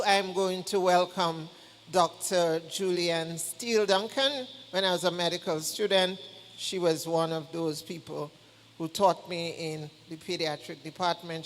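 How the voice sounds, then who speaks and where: High-voiced male church emcee. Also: slight background noise. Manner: relaxed, chatty, with small jokes. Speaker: program host introducing speakers. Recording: church hall reverb, faint ambience.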